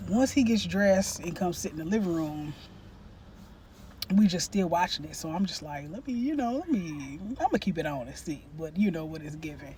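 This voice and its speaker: A woman vlogger tells a casual storytime as she eats on camera. Her delivery is animated, profane and full of slang, and she is quick to break into a loud cackle. Her voice sits at a middling pitch. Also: slightly rough.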